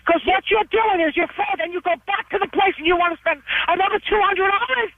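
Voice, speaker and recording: A furious woman shouts down a tinny phone line. Her voice sits high and lands hard with threats. The line is dry and boxy. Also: brisk, dry recording. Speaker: prank call victim, mother. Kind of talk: heated phone call. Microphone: telephone.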